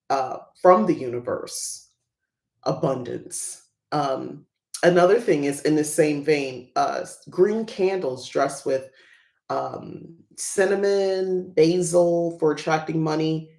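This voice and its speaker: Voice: medium pitch, a little mellow. A livestream podcast host talking casually about their practice, rambling and chatty with many fillers and small laughs. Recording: roomy echo.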